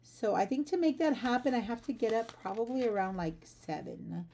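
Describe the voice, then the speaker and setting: A woman's voice: fairly high pitch, expressive, a little fast, dark tone, slight background noise. A chatty, rambling woman hosting a casual livestream from her home art studio, talking to viewers while packing orders. She sounds sleepy. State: sleepy, just up. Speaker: livestream host, artist.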